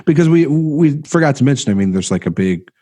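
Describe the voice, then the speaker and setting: A man in a casual film-discussion podcast, talking haltingly with many restarts and trailing off quietly. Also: medium pitch, lively intonation, dry recording.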